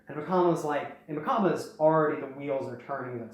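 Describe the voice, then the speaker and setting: Rambling young man in an echoey room. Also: on the high side. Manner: rambling, quick snippets of character dialogue. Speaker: host. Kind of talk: casual story recap.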